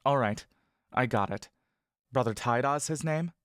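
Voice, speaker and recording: A man voicing a soothing gentle furbolg. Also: medium pitch, measured pace, clean tone, no room sound, studio quality, natural voice. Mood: calm. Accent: elvish intonation. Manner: calm, reassuring. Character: gentle male furbolg speaking telepathically. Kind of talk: audio drama narration.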